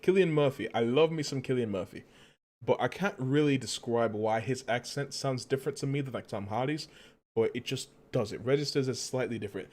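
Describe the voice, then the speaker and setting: A man doing a put-on British accent, playing a suave, regal gentleman in a low, hushed, mock-posh voice. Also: brisk, natural voice.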